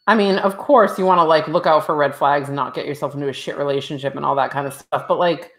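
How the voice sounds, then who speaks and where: Casual podcast co-host: young woman, lowish voice, frank, chatty, easy laughter. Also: quick pace. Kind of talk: casual chat.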